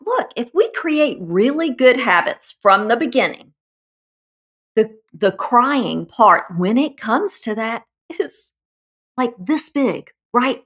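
A woman's voice: fairly high pitch, fairly bright tone. A woman guest who is a parenting expert, talking in an upbeat, emphatic way and often asking "right?". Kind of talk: casual chat.

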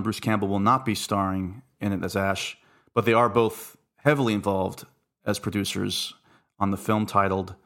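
A young man hosts a podcast in casual chat, talking in a loose, jokey way and restarting his sentences as he goes. His voice sits low, with a lot of gravelly fry running through it. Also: fairly bright tone. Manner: chatty, jokey, self-interrupting. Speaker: podcast host.

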